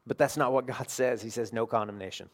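A middle-aged man preaching a sermon as pastor, emphatic and animated, dropping to quiet asides between bursts. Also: mid-range voice, fast.

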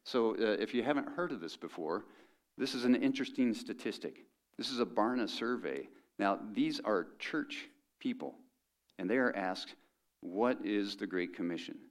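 A man's voice: lowish voice, expressive, normal speed. A middle-aged man preaching a sermon as pastor, conversational and joking with the congregation.

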